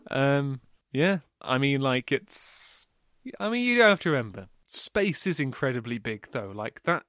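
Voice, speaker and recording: A man talking in a casual podcast chat, animated and quick to laugh, throwing in the odd swear word. His voice sits at an ordinary middle pitch and comes across dry and close to the mic. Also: no room sound. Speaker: podcast co-host. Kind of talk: casual book discussion.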